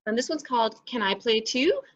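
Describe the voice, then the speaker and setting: A middle-aged woman, a librarian, chatting casually while unboxing books, friendly and quick to laugh. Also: a little high, lively intonation. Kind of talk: casual book unboxing chat. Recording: muffled lo-fi sound.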